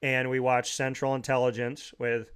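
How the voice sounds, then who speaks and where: A man's voice: mid-range voice, flat delivery, moderate pace, a bit bright, smooth. A man hosting a talk show, telling heartfelt family memories in a rambling way with frequent restarts.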